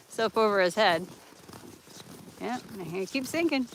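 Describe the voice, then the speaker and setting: A woman's voice: medium pitch, animated, moderate pace, background noise. A woman chatting casually while walking her dogs on a snowy rural road, laughing and joking and voicing what her dogs are thinking. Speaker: homestead vlogger.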